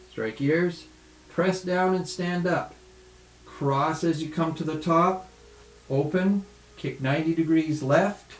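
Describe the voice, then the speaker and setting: A man teaching tai chi in a home studio, calmly calling out the steps of a follow-along routine. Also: a little high. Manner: calm, relaxed, calls out steps slowly. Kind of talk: follow-along movement instruction. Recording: echoey studio room.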